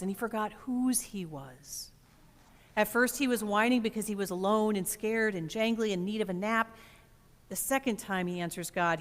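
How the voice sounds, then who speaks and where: A woman pastor delivers a thoughtful, expressive sermon, pausing for weight. Her voice sits on the low side. It rings out with the long reverb of a church sanctuary. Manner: reflective, expressive preaching with dramatic pauses.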